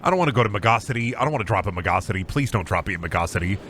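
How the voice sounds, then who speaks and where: Goofy, crude male streamer with a lively voice. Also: on the low side, racing, a little hiss or hum. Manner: crude, goofy, rambling humor; trash-talks opponents. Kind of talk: casual gaming stream commentary.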